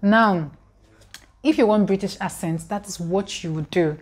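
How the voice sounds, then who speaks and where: Deadpan woman vlogging. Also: medium pitch, a little slow. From Nigeria. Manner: mock-serious, chatty, laughs at herself. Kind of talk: deadpan comedy tutorial.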